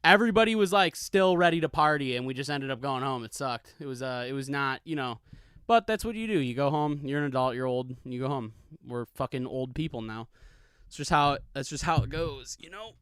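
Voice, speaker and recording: A man's voice: medium pitch, brisk, fairly bright tone, clear, resonant tone, no echo. A man in his thirties hosting a casual solo podcast, rambling and swearing freely in a laid-back way on a studio microphone. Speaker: podcast host. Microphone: studio microphone with pop filter.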